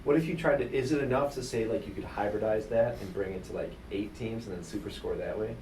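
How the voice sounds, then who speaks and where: Fast-talking man, off-mic and roomy. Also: fairly low pitch, darkish tone, distant mic. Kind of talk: casual podcast chat. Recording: roomy, off-mic with faint noise.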